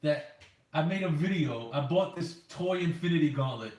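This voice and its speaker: A man's voice: fairly high pitch, lively intonation, moderate pace, darkish tone, distant mic. A man co-hosting a casual chat, blunt and profane, often mocking. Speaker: podcast co-host. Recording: echoey room, off-mic.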